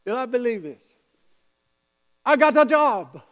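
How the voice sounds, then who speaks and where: A man voicing a grown Russian man, high and loud, with an urgent, pressing delivery. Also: lively intonation, measured pace, exaggerated voice. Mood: overjoyed. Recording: long hall reverb.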